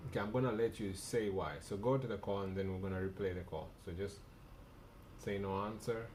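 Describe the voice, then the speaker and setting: A man's voice: on the low side, steady tone, a little fast, a little mellow, a little hiss or hum. A man coaching a cold caller on a live stream, bluntly and with lots of repetition as he reviews a recorded call. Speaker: cold-calling sales coach.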